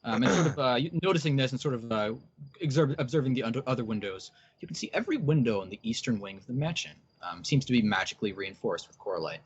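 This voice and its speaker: A man's voice: medium pitch, animated, fast, slightly rough, no room sound. A man narrating as game master, with many hesitant ums and uhs. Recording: dull lo-fi recording.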